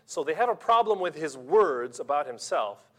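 A man preaching a sermon, emphatic and rhetorical, swinging between loud stresses and quiet asides. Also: a little high, sing-song, normal speed.

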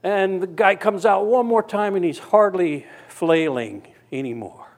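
Casting: male preacher, fairly high voice, conversational storytelling sermon. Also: measured pace. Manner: storytelling, voicing characters in quotes. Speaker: pastor.

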